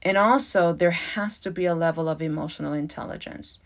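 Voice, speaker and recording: A middle-aged woman hosting a podcast, talking casually, emotional and emphatic, swearing freely and swinging between loud bursts and soft asides. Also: lowish voice, a little fast. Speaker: podcast host.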